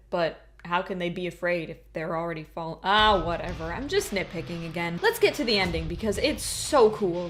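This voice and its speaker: Wry woman nitpicking a review. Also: mid-range voice. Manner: opinionated, nitpicking, dryly humorous. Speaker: video essay host. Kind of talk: scripted review commentary.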